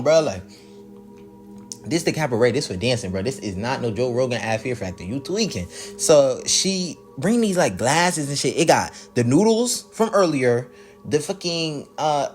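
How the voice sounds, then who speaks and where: Male vlogger reviewing a reality show; animated, profane, lots of laughter, faint background music. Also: mid-range voice. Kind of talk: casual profane recap vlog.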